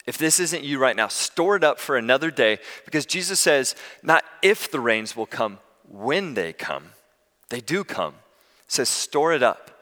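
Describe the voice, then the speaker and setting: A man preaching a sermon as pastor, telling stories in a conversational, animated way. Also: medium pitch, moderate pace, big-room sound.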